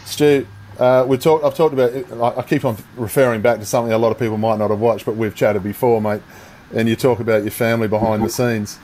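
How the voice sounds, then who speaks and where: A man's voice: medium pitch, steady tone, fast, dark tone, a little hiss or hum, poor audio. An Australian man hosting a casual interview, joking around and encouraging his guests. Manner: jokey and encouraging. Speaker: interview host.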